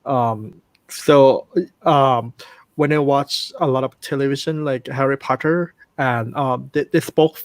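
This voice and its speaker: A man with a Thai accent talks in a loose, halting way, often stopping with "um" to find his words. His voice sits at a middle pitch and sounds close and dry, with little room around it. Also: fairly even intonation, no echo. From Thailand. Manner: hesitant, many ums and restarts. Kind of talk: casual chat.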